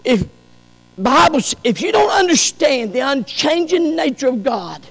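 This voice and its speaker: A man preaching a sermon as pastor, rising to shouted peaks and dropping to soft, low passages. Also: very animated, unhurried, gravelly, in a large hall, low-quality recording.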